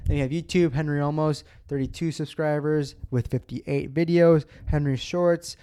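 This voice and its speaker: A man hosting a casual football podcast, ranting excitedly, cursing often and restarting his sentences. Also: a little high, normal speed, clean tone.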